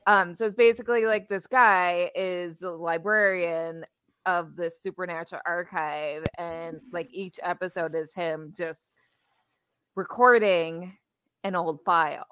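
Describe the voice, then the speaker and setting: A woman's voice: lowish voice, steady tone, a little slow, fairly bright tone, clean tone, no room sound. A woman on a podcast panel casually and enthusiastically recommending things, with a teasing streak. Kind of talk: casual chat.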